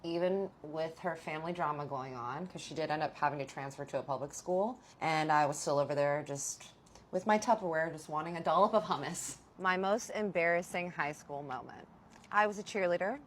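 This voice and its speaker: A young woman telling a casual storytime vlog, animated and playful, swearing freely. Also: low voice, fairly quick, a little hiss or hum. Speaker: storyteller vlogger.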